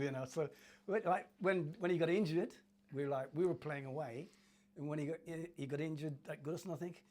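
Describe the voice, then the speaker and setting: An older man from Cornwall, a former footballer, chatting through his memories in an interview and acting out the voices of old teammates. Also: a little high. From Cornwall, England. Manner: chatty, laughing, acts out voices in his stories. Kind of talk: anecdotal interview storytelling.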